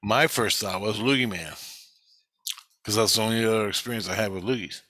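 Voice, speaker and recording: Telling a rambling story about his own life, this male vlogger swears constantly and gets increasingly heated, his bright, forceful voice sitting on the low side and moving a little fast. When he quotes others, he doesn't change his voice at all. It's a close, dry recording without echo.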